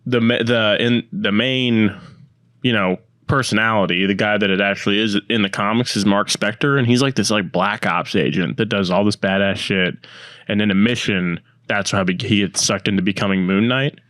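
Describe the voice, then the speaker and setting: A man with a lowish, fairly bright voice co-hosts a podcast, chatting casually at a normal speed in a steady tone. He rambles, using lots of fillers and restarting his sentences. The recording is clean studio sound with no room echo.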